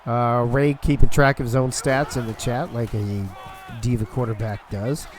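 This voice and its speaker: A man's voice: mid-range voice, fairly even intonation, normal speed, faint music behind. A young man calling a football video game live on a stream, loose and profane, talking to his chat between plays.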